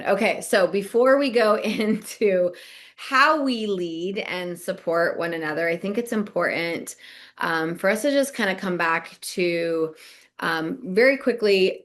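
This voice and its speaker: A middle-aged woman from Nebraska who co-hosts a podcast and works as a business coach tells a casual story at a moderate pace. Her voice is fairly low, and she stays animated, laughing often and acting out quoted lines.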